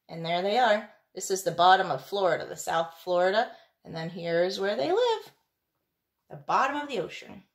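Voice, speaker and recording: A woman teacher reading a picture book aloud, in an expressive, lilting storytelling manner. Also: medium pitch, moderate pace.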